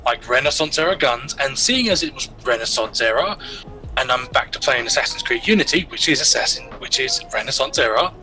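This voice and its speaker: A man's voice: mid-range voice, animated, fairly quick, pushed and bright, faint music behind, low-quality recording. A man chatting casually on a voice call with his gaming group, rambling with plenty of fillers and restarts. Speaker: player in a group game stream.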